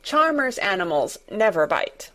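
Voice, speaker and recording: A woman's voice: medium pitch, big pitch swings, unhurried, fairly bright tone. A woman reading a storybook aloud and voicing a sickly, imperious young boy who gives orders in a lordly way. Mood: commanding. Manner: lordly, commanding.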